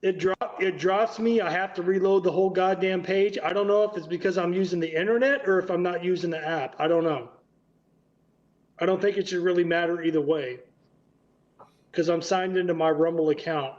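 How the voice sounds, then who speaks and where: A man's voice: high-pitched, steady tone, brisk, a little mellow, muffled recording. A man hosting a casual live stream chat, blunt and swearing freely on an online call.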